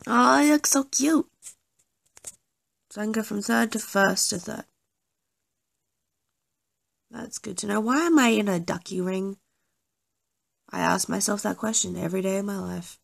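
Young woman, gravelly voice, casual gameplay chat, self-deprecating, apologetic. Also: medium pitch, a little slow, long pauses. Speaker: gaming YouTuber.

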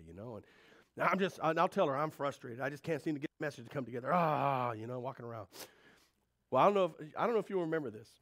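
Man preaching a conversational sermon. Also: on the high side. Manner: conversational, swings from loud to quiet. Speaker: pastor.

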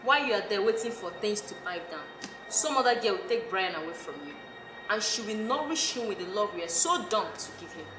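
A woman playing a blunt friend who scolds and pushes, with sharp, demanding delivery. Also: mid-range voice, animated, a little fast, close to an everyday voice. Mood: scolding. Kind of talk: film drama acting. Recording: echoey room, far mic, music under.

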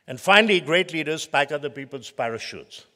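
A man's voice: fairly high pitch, expressive, brisk, bright, forceful tone. Man lecturing in a reverberant hall. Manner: emphatic, builds lists of short phrases. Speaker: physician giving a leadership lecture. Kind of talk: conference lecture with storytelling. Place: conference hall.

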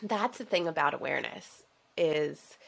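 A woman hosts a coaching podcast in a low, deep voice with a gravelly edge. She reflects out loud in an animated way and laughs often as she talks. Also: normal speed. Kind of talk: casual interview chat.

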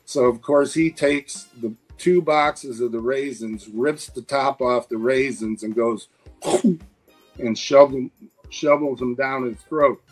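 A man's voice: medium pitch, slow pace, faint music behind, low-quality recording. A man in his sixties, a guest and former wrestler, telling casual anecdotes with lots of fillers. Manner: rambling anecdotes with frequent fillers. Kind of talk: casual storytelling.

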